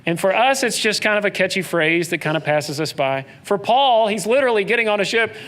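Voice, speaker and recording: A man's voice: high voice, lively intonation, fairly quick, hardly any pauses, fairly bright tone. A man preaching a sermon in a conversational style, acting out quoted voices as he goes. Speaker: pastor.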